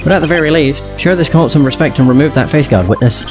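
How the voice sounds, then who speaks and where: A man's voice: on the high side, fast, music in the background, natural voice. A man voicing a formal, stern older male judge in a courtroom game.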